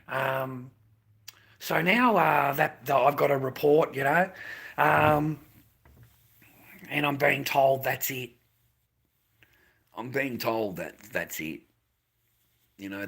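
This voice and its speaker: A man rants on a live stream in a gravelly, husky voice with a tense, sharp edge. He is agitated, circles back to the same phrases, stammers and swears as he talks. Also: mid-range voice. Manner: agitated, repeats phrases, swears, stumbles over words. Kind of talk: emotional livestream rant.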